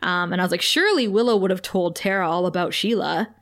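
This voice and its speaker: A woman's voice: lowish voice, fast. A woman co-hosting a casual podcast, recapping an episode and laughing often as she retells the scenes. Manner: laughs often, acts out quotes loosely. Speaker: podcast co-host.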